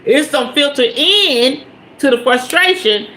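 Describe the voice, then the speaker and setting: Speaking a little slowly in a high-sitting voice, this podcast host tells a casual story about mindfulness over slight background noise. She's emphatic and lively, swears and uses salty slang, and repeatedly checks in with her audience.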